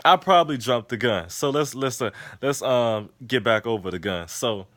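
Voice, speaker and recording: A man giving a casual, profane recap of a TV episode, telling it with animated storytelling. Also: mid-range voice, moderate pace, no room sound. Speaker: TV episode reviewer.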